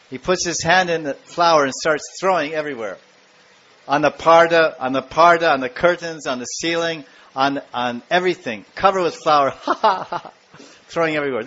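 A man tells devotional stories with lively energy, acting out the scenes and putting asides to his listeners. His voice sits somewhat high for a man. The recording sounds dull and lo-fi. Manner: animated storyteller acting out scenes, with asides to the audience. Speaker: spiritual speaker. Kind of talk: devotional storytelling talk.

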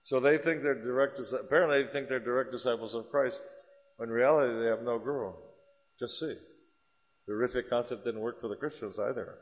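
A man lectures a religious class with animated, rambling storytelling. His voice sits at a mid pitch. A long hall reverb trails after it. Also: fairly quick. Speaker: religious teacher.

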